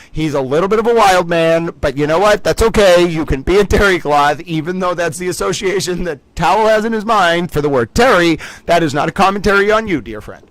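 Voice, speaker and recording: Male livestream host, higher-pitched voice, dry close sound, playful and rambling. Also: no room sound, poor audio. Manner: playful, rambling, mock-grand asides. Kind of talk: casual commentary livestream.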